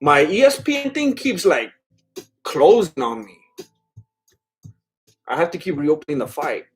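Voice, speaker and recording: A man's voice: fairly high pitch, wildly swooping pitch, a little slow, faint music behind. A man streaming live, reading chat and rambling casually with lots of fillers and laughs. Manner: rambling, filler-heavy, self-deprecating laughs.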